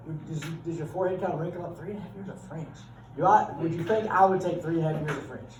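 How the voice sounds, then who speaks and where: A man's voice: a little high, fast, a little mellow. A middle-aged man, teaching a class in a casual, joking, chatty way. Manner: folksy, joking, chatty with students. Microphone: far from the speaker. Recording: roomy classroom from far off.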